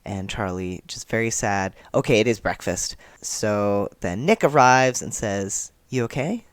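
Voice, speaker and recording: A man's voice: lowish voice, measured pace, clear, resonant tone, dry recording. A young man reading a comic aloud and chatting his reactions, laughing often. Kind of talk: casual read-along reaction.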